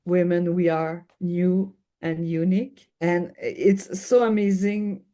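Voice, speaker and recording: A woman with a Québécois French accent, a native French speaker, talking as an interview guest. She pauses to search for words and restarts her sentences. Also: on the low side, fairly even intonation, dark tone. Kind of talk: interview conversation.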